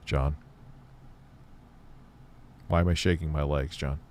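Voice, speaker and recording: A man's voice: a bass voice, steady tone, slow pace, darkish tone, a little hiss or hum. A man hosting a live stream, mocking an old tech review with sarcastic, swearing asides. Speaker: host reacting to an old review video. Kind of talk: casual livestream commentary.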